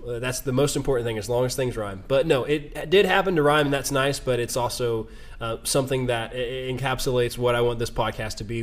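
A man hosting a casual podcast, talking in a rambling, self-deprecating way with many restarts. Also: medium pitch. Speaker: podcast host. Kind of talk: casual chat.

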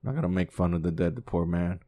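A man hosting a podcast in profane casual commentary, swearing constantly and repeating himself, swinging from low muttering to loud incredulous outbursts. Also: fast. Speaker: podcast host.

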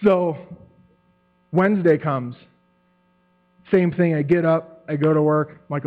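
A man tells his testimony to a church group, his voice sitting a bit high as he animates the story and acts out what others said. The sound is thin and phone-like, with a steady mains hum underneath. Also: measured pace, pauses often. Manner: animated storytelling, acts out quotes, laughs often. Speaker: church member giving a testimony.

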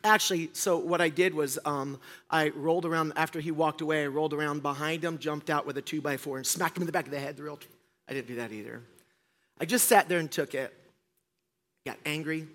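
Bright, high-voiced preacher telling a story. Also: male voice, brisk. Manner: animated, self-mocking storytelling with acted-out quotes and deadpan jokes. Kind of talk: storytelling sermon. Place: church stage before a congregation.

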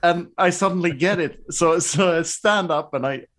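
A man chatting casually on a podcast, telling a story with frequent restarts and quick laughs. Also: on the high side, fairly bright tone. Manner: halting, many restarts, laughs often. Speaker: podcast guest. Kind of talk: casual chat.

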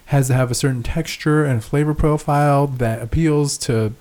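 A man's voice: fairly high pitch, steady tone, normal speed, darkish tone. A young man co-hosting a podcast in casual chat, rambling, swearing and laughing often. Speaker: podcast co-host.

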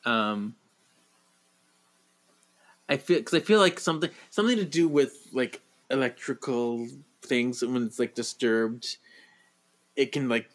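A man's voice: medium pitch, unhurried, pauses often. A man co-hosting a casual movie podcast who chats animatedly, laughs a lot and acts out lines in quoted voices. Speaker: podcast co-host.

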